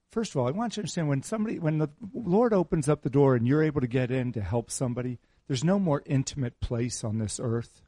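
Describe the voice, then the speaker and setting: A man's voice: medium pitch, mellow, dry recording, clean studio sound. A middle-aged man preaching a sermon in a conversational, teasing way, repeating his key phrases. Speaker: pastor.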